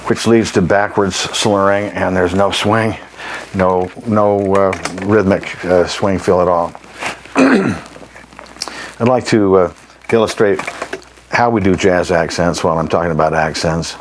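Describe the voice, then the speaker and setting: Deep-voiced man teaching jazz phrasing. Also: steady tone, unhurried, a little hiss or hum, low-quality recording. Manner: plain-spoken, emphatic, often clears his throat, scats rhythms. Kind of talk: instructional demonstration.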